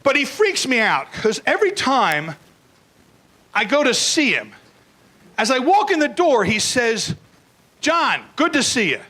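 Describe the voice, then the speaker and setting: A man's voice: very high-pitched, huge pitch swings, unhurried, pauses often, sharp tone, poor audio. An older man doing a crude, blunt stand-up comedy routine, acting out bits in put-on voices.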